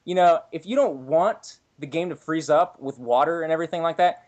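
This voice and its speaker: A man's voice: on the high side, fairly quick, darkish tone. A man ranting on a casual podcast in a sarcastic, profane, exasperated way. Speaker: guest ranter.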